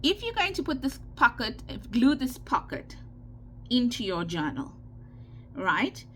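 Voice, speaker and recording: A woman's voice: a little high, wildly swooping pitch, measured pace, fairly bright tone, a little hiss or hum. A woman with a South African Indian accent hosting a casual craft tutorial, chatty and given to repeating herself with frequent "okay" check-ins. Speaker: craft channel host.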